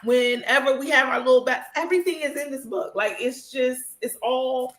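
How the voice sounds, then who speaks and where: A woman's voice: high voice, moderate pace, a bit bright, echoey room, low-quality recording. A woman in casual podcast chat, emotional and blunt, swearing freely and laughing often, over a video call. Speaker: podcast guest.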